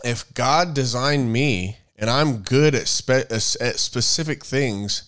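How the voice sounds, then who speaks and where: Man, smooth clear voice, casual faith chat, rambling, searching for words. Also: mid-range voice, slow, fairly bright tone. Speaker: podcast co-host.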